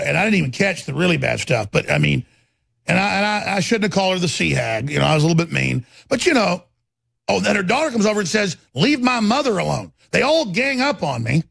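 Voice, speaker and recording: A gravelly, husky-voiced male talk host rants in a heated, rambling monologue and stumbles over repeated words. His voice sits a little high for a man and sounds dry and close to the mic. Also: big pitch swings, fairly quick, fairly bright tone, dry recording. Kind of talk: impassioned political talk show monologue.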